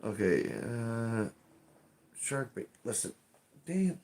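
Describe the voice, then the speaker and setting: A man's voice: medium pitch, sing-song, takes it slowly, a little mellow. A man streaming from home, chatting casually and rambling, swearing often and restarting his sentences. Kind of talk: casual live-stream chat.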